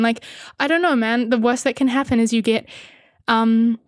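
A woman's voice: a little high, fairly even intonation, moderate pace, clean tone, dry recording, studio quality. A young woman chatting candidly with viewers, swearing freely and laughing often. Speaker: content creator answering viewer questions. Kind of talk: casual chat with viewers.

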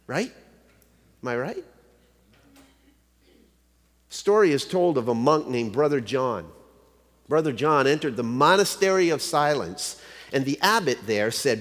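Lively man preaching in an echoing hall. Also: on the high side. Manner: keeps asking the listeners rhetorical questions; tells a joke story within the teaching. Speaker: pastor. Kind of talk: sermon. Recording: long hall reverb.

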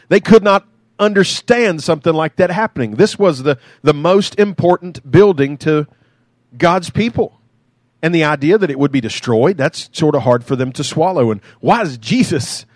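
Animated preacher man. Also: on the high side, normal speed, dry recording. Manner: conversational, animated, playful asides. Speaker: pastor. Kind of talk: sermon.

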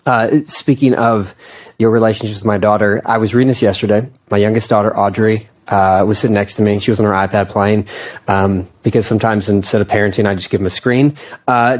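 A man in his thirties hosting a podcast, chatting casually with a guest and joking at his own expense. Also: fairly low pitch. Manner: chatty and self-deprecating, laughs often. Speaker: podcast host. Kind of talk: casual conversation.

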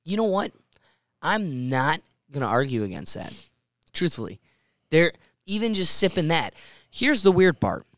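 A man's voice: fairly high pitch, sing-song, measured pace, a bit bright, dry recording, studio quality. A man hosting a podcast, chatting casually and jokily while tasting beer, rambling a little as he drinks. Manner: rambling, jokey, tipsy. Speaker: podcast host.

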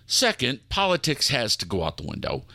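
A theatrical host leads listeners in a low, showman's voice. His tone is bright and pointed, and his pitch swings widely for effect. The recording is close and completely dry. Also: wildly swooping pitch, fairly quick, no echo. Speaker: host and narrator of an audio fiction show. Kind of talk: theatrical spooky host narration.

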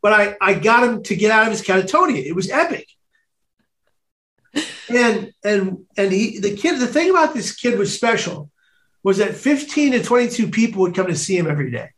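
A man telling a personal story as a podcast guest, animated and laughing often. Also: high-pitched, moderate pace, reverberant. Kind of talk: storytelling in casual chat.

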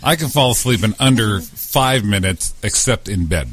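A man co-hosting a radio show, cracking wry, deadpan jokes in casual banter. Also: lowish voice, moderate pace.

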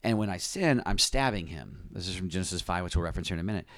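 Pastor, male, lowish voice, earnest confessional testimony, dry close sound. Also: lively intonation, very fast, no echo. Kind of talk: personal testimony in conversation.

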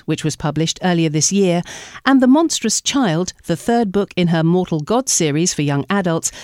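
A woman's voice: lowish voice, darkish tone, no echo. Dry-sounding woman hosting an interview. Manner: conversational, lightly playful. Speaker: podcast host. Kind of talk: scripted introduction and interview.

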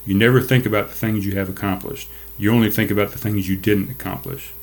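Low-voiced middle-aged male podcast host, casual solo rant, profane and fired up. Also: steady tone, fast. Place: home desk.

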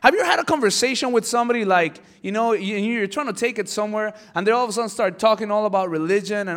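A male pastor preaches in a casual, conversational way, full of humorous asides, and acts out dialogue as he goes. His voice sits high for a man. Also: fast, a bit bright. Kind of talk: conversational sermon.

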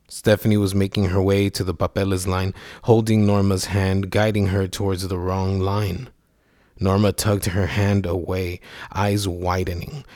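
A man narrating a scripted story in a measured, somber way. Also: low-pitched, darkish tone, dry recording, clean studio sound.

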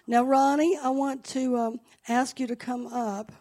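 A woman's voice: high voice, steady tone, unhurried, warm tone. A woman pastor giving a sermon in an encouraging, conversational way.

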